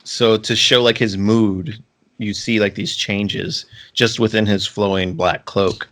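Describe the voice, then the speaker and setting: A man's voice: fairly low pitch, steady tone, slow pace, a bit bright. A man co-hosting a podcast, chatting casually and rambling with frequent restarts and filler words. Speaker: podcast co-host. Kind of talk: casual chat.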